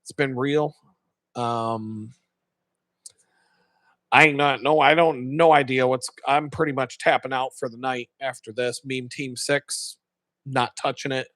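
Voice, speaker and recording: Male streamer, bright, dry close sound, swears freely while spinning stories. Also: medium pitch, unhurried, long pauses, no room sound. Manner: profane, animated, laughs often. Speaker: live streamer. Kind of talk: casual storytelling.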